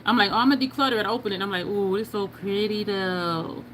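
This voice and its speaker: A woman's voice: medium pitch, fast, a bit bright, a little hiss or hum. A woman hosting a casual makeup livestream, chatting, laughing often and reading viewer comments aloud. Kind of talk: casual livestream chat while doing makeup.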